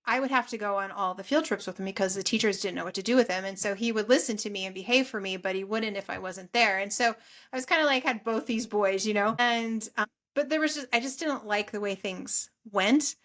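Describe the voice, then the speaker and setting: A middle-aged woman telling her story as a podcast guest, chatty and animated, acting out quoted lines. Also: medium pitch, a little fast. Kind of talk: casual storytelling interview.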